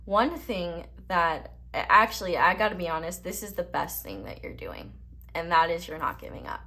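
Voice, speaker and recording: A young woman sits and reads tarot cards for her viewers in an easygoing, encouraging way. Her voice sits a little low for a woman, and she talks loosely with lots of fillers and restarts. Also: expressive, moderate pace, pushed and bright. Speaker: tarot reader. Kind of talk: casual tarot reading to camera.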